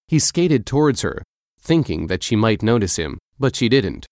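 Male narrator, lowish voice, measured clear read, dry booth sound. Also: very animated, darkish tone, no echo. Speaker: audiobook narrator. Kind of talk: scripted storybook narration.

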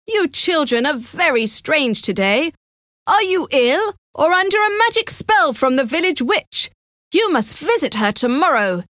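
A woman's voice: high-pitched, sing-song, measured pace, fairly bright tone, no echo, studio quality, voice pushed up, full character voice. A woman voicing a servant woman who scolds the children in a matter-of-fact way. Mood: scolding. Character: woman servant, puzzled and bossy.

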